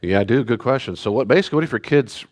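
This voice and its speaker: A male pastor giving a conversational teaching talk with animated storytelling, often laughing and acting out what people said. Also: mid-range voice, racing.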